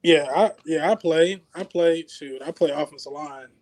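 A man joins a sports podcast as a guest, relaxed and mostly agreeing with the hosts. His voice sits slightly high. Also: moderate pace, rough recording. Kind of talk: casual sports chat.

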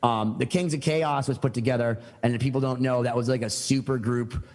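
Rambling excited man in an echoey room. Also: mid-range voice, fairly quick. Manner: excited, rambling, lots of fillers and restarts. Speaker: podcast guest, musician. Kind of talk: casual storytelling chat.

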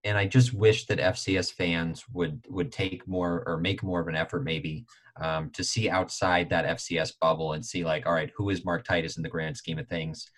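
Low husky dude on a podcast, gets worked up and animated. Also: male voice. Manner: animated, exasperated, quick to jump in pitch. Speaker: podcast host. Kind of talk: casual chat.

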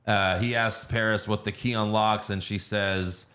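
A man's voice: lowish voice, steady tone, a little slow, pushed and bright. Man casually recapping a movie plot. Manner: recaps plot with profanity and filler uhs. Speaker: podcast co-host. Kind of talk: casual movie review chat.

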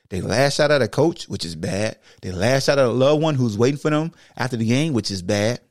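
A man hosting a sports podcast, talking with emphatic repetition that swings between low, heavy stretches and high, excited bursts. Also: dry recording, clean studio sound. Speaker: podcast host and former football player. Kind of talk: impassioned monologue.

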